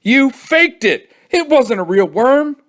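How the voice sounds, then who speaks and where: A man doing an excitable young boy. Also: normal speed, full character voice. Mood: outraged. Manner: high-pitched, excitable, exclaiming. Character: excited worm-eating young boy, boastful. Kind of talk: storybook read-aloud.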